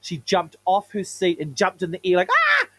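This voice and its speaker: A man's voice: high voice, moderate pace. A young man co-hosting breakfast radio, telling stories and acting out the people in them. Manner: animated storyteller, acts out quotes loudly. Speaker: radio co-host. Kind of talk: casual breakfast radio banter.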